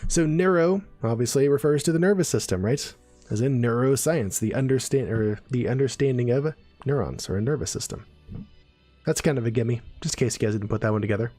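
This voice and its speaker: A man with a mid-range, dark-toned voice gives a casual live-stream neuroscience lesson at a brisk pace, with faint music behind him. He's chatty, explaining terms and checking in with viewers through frequent "right?" and "okay?"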